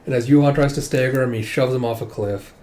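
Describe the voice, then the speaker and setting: A man's voice: medium pitch, steady tone, fast, warm tone. A man giving a casual chatty recap of a comic chapter at home, with constant "it's like" asides. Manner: chatty, keeps saying "it's like". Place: home with dogs.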